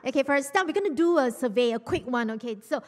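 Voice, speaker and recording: Animated woman preaching in a hall. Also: sits high, very fast. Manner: chatty, animated, asks the congregation questions. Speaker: pastor. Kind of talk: lively sermon with audience interaction. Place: church hall. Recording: church hall reverb.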